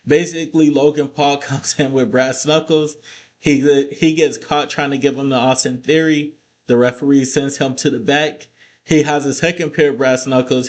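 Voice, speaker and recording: A man recapping a wrestling show in a casual vlog, cursing freely and breaking into heated rants. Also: mid-range voice. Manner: profane, ranting, animated asides.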